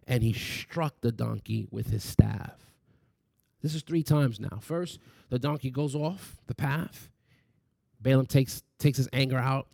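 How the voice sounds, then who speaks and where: A man's voice: mid-range voice, vocal fry, dark tone, no echo, clean studio sound. A man preaching a sermon, reading scripture and asking the listeners rhetorical questions. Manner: asks rapid rhetorical questions.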